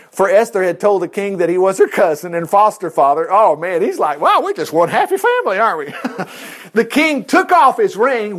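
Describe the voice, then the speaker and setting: A man teaching a Bible lesson in an animated way, chuckling and making chatty asides. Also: high-pitched.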